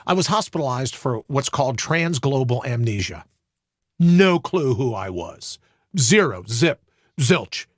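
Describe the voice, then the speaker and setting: A man's voice: mid-range voice, dry recording, studio quality. A man speaking as a podcast guest in an eager, self-deprecating, casual way. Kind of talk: casual conversation.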